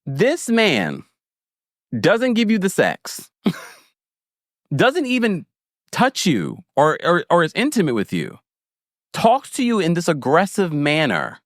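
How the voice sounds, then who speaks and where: Animated, playful man recapping reality TV. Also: sits high, slow, long pauses, no echo, clean studio sound. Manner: animated and playful, with frequent laughs and asides; frank, speaks as a big brother to the audience. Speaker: podcast host. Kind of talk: casual TV recap commentary.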